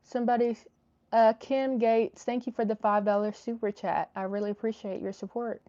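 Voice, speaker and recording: A woman's voice: on the high side, flat delivery, normal speed, warm tone. Woman host, casual live chat, lots of "um"s, slightly dull lo-fi audio. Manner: chatty, many fillers and restarts. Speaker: livestream host reading chat.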